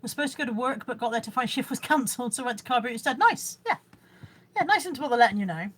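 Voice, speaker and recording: A woman's voice: fairly high pitch, lively intonation, quick pace, a bit bright, breathy edge. A middle-aged woman with a Bristolian accent, chatting casually on a livestream, reading viewer comments aloud and poking fun at herself. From Bristol, England. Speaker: livestream host selling boot sale finds. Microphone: phone camera.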